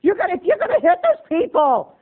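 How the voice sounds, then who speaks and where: A man putting on a shrill nagging mom. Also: wildly swooping pitch, a little fast, phone-quality sound, heavily acted. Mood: frantic. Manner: shrill, frantic, fussing. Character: nagging middle-aged mother backseat driving.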